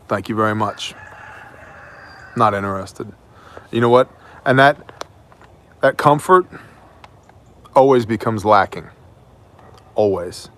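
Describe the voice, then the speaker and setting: A man's voice: lowish voice, a bit bright. Emphatic man giving opinionated news. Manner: emphatic, mocking, deliberate. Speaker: host of an independent news show.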